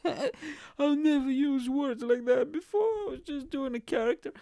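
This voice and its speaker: A man's voice: very high voice, normal speed, vocal fry, warm tone, voice pushed up. Man doing a whiny, weepy celebrity apology. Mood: tearful. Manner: whiny, tearful, pleading.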